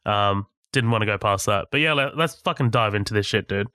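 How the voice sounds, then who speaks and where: A man with a smooth, clear voice at a middle pitch chats easily about a film, relaxed and agreeable. The sound is dry and close-miked. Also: brisk, no echo. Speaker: podcast co-host. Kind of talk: casual movie discussion.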